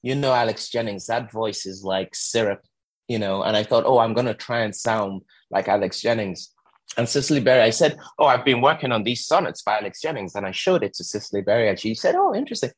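A man being interviewed about his acting career talks with animated, emphatic storytelling. His voice is husky and sits fairly low. The recording is dry and close, with no room sound. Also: brisk, no echo. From England. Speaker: actor and guest. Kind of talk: conversational interview.

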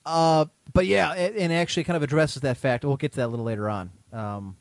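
A man hosting a casual talk show who sounds dry and close on the mic. His voice sits a touch high, and he is quick with a jab as he runs through listener mail. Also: no room sound. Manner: wisecracking, reads listener mail. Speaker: host. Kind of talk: casual podcast chat.

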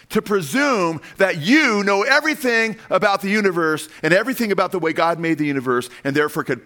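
Emphatic preacher man, slightly high voice. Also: noisy background. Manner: emphatic, rhetorical questions, dramatic storytelling. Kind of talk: sermon.

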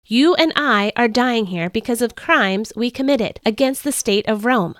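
A woman's voice: mid-range voice, measured pace, clean tone, no echo, lightly acted. Woman narrator giving repentant dying man, pleading, desperate, dry sound. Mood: earnest.

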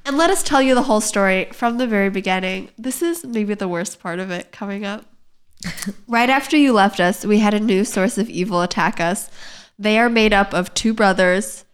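A young woman talks as a podcast guest, mid-pitched and easygoing. She mocks her own writing and laughs often, with plenty of filler words. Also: normal speed, smooth. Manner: self-mocking, laughs often, many fillers. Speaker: guest comedian and writer. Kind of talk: casual podcast chat, reading old fan fiction aloud.

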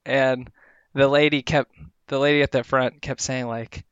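A man's voice: medium pitch, level tone, measured pace, a bit bright, clear, resonant tone, no room sound, dull audio. A man in casual chat, telling a rambling story with lots of filler words.

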